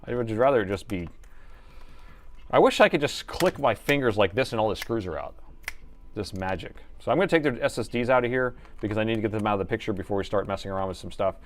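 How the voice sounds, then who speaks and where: A man's voice: lowish voice, animated, fast talker, faint music behind. A middle-aged man on a laptop repair live stream, rambling and joking while he works in his workshop. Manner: rambling and joking, thinks aloud, slips into an announcer voice.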